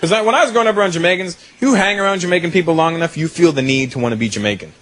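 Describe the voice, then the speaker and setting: A man's voice: on the high side, very fast. A man doing stand-up comedy in a club, teasing the crowd in a conversational way. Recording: live club set, loud crowd laughter.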